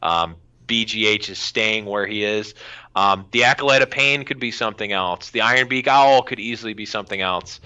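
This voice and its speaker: A man co-hosting a podcast, analysing a card game in casual chat and often pausing to find his words. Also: on the low side, pushed and bright, smooth. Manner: hesitant, many filler pauses. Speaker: podcast co-host. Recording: dull lo-fi audio.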